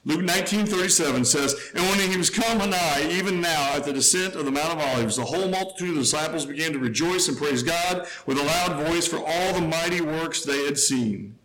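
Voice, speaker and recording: A man preaching a sermon, quoting scripture with emphatic rises and quiet, lowered asides. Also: a little fast, hardly any pauses, poor audio. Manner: emphatic, rising to a near shout then dropping low.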